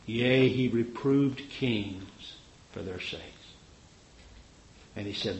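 A man preaching a fervent sermon, swinging from loud cries to low murmurs and acting out the voices of figures he quotes. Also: takes it slowly, pauses often, a little hiss or hum. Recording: echoey, dull lo-fi recording.

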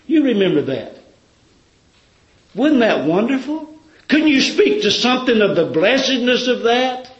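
Male preacher, fervent storyteller; roomy, lo-fi sermon recording. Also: fairly high pitch. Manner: fervent storytelling, rhetorical questions.

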